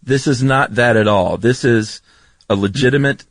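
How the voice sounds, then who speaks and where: A man's voice: medium pitch, normal speed, no room sound. A man co-hosting a podcast in casual chat, explaining things with frequent ums. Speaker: podcast co-host.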